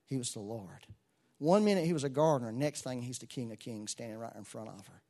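A man preaching a sermon to a church congregation, moving between soft asides and loud exclamations. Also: medium pitch, brisk. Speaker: pastor.

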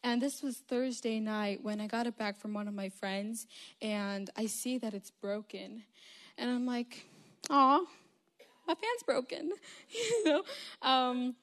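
A woman's voice: a little high, unhurried. Woman telling a chatty church story. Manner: chatty, lively storytelling to a crowd. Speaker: speaker sharing a testimony. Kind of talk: informal church talk.

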